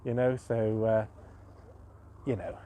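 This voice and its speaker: A man's voice: on the low side, flat delivery, takes it slowly, mellow. A man chatting casually on his fishing live stream as host, self-mocking and full of fillers and restarts.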